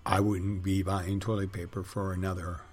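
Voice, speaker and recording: A man's voice: low-pitched, level tone, moderate pace, a little mellow. A middle-aged man rambling through a casual monologue, with wry, digressive, crude humor.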